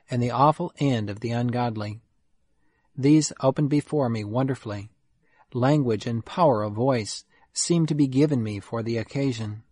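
A man giving a steady, measured audiobook reading of an old memoir. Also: mid-range voice, dry recording. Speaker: narrator.

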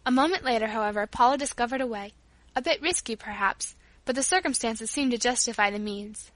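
Bright-voiced woman reading a storybook. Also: fairly high pitch, fairly quick, no echo. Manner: clear, expressive reading. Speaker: narrator. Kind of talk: audiobook narration.

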